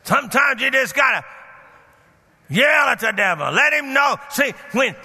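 A man preaching a sermon as pastor, fervent and building up to shouts. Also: extremely high pitch, animated, unhurried, creaky, husky, long reverb tail.

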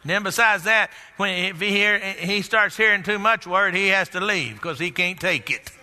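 An older man preaches in a high, piercingly bright voice. He repeats his lines for emphasis and builds to excited shouts. The sound carries a long church-hall reverb. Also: moderate pace. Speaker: pastor. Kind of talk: sermon.

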